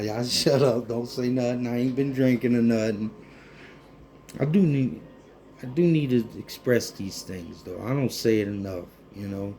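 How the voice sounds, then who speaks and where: A man, talking casually and warmly to viewers in a rambling cooking vlog from his home kitchen. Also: lowish voice. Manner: heartfelt, rambling, addresses viewers as folks. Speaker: cooking vlogger.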